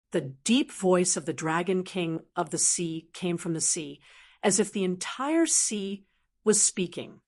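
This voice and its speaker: A woman narrating a fantasy audiobook in a steady, even storytelling manner. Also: on the low side, unhurried. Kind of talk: scripted narration.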